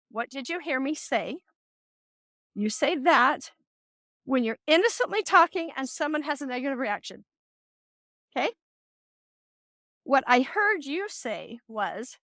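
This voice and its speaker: A middle-aged woman hosting a podcast, telling a personal story in a chatty, animated way with quoted dialogue. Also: on the high side, no room sound, clean studio sound. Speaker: podcast host. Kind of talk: casual advice monologue.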